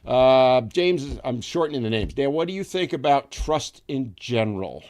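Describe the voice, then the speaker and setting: A man's voice: medium pitch, animated, normal speed, a little mellow. A man from upstate New York hosting a casual livestream, talking in a rambling, conversational way with many fillers. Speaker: livestream host.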